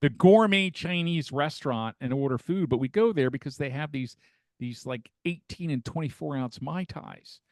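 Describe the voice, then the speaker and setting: A man's voice: fairly high pitch, normal speed, darkish tone, no echo. An older man, the father, chatting casually and telling rambling stories while acting out what people said. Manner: rambling storyteller who acts out quoted voices. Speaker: podcast guest, the father. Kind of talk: casual family chat.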